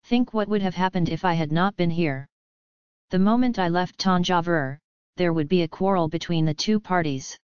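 A woman's voice: fairly low pitch, clean tone, no room sound, close to an everyday voice. A woman voicing an ailing old emperor and worried father in an audiobook, speaking in a grave, solemn way. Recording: slightly dull lo-fi audio.

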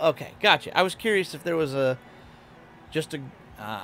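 Chatty and quick to laugh, this young male VTuber comments casually on a racing game during a live stream, responding to his chat. He speaks in a sharp, very animated, medium-pitched voice at a moderate pace with long pauses, and there's slight background noise.

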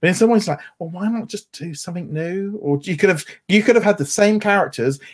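A man's voice: sits high, a little fast. A man from England co-hosting a podcast, talking casually in a rambling way with many restarts. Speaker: podcast co-host. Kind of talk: casual chat.

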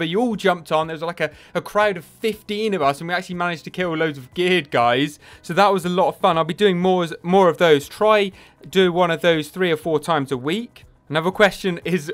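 Chatty young British gaming YouTuber. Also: male voice, high voice, fast, fairly bright tone. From United Kingdom. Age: 20s. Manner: chatty, self-deprecating, rambling. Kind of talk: casual Q&A monologue.

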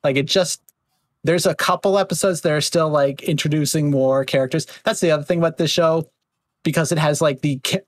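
A man hosts a casual podcast conversation in a slightly raised voice. He rambles in a relaxed way with many fillers and drops into quick mocking voices. The sound is dry and close, with no room to it. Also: fairly high pitch, dry recording. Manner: chatty, filler-heavy, slips into mocking voices. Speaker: podcast host. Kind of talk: casual chat.

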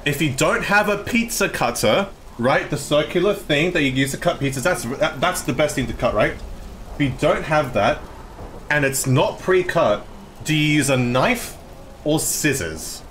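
A man with an Australian accent, live-streaming and excitedly arguing with his chat, swearing often. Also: on the high side, moderate pace, a little hiss or hum.

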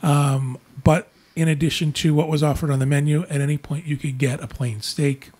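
A man's voice: on the high side, normal speed, husky. A man hosting a travel podcast, chatting casually with a panel and wrapping up the show with thanks. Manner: relaxed, wraps up show with thanks. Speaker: podcast host.

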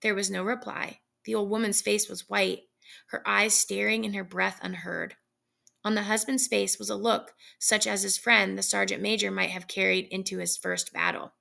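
Lady reading a story out loud, steady, kinda bright voice with some fry. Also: medium pitch. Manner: measured storytelling. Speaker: reader. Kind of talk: story read aloud.

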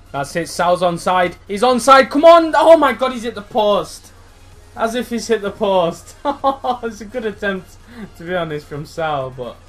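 A young gaming YouTuber commentates live on his own football video game match, excitedly shouting encouragement and groaning at his players. His voice jumps sharply higher whenever a chance comes.

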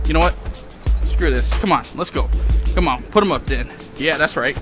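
A gamer giving excited commentary while playing a VR sword game, shouting battle cries, trash-talking enemies and laughing often. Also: medium pitch, a little fast. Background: hip hop music.

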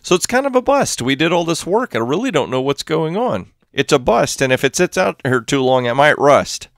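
On the high side and swinging widely in pitch, this man's voice moves at a moderate pace in a dry, studio-quality recording. At home with his cat, he hosts a modded game video with casual commentary, thinking aloud and muttering item counts.

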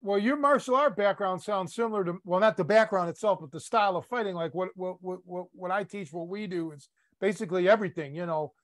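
A man's voice: sits high, fast talker. A man from the Chicago area hosting a podcast, asking playful, teasing questions in casual interview chat. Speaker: podcast host, catch wrestling coach.

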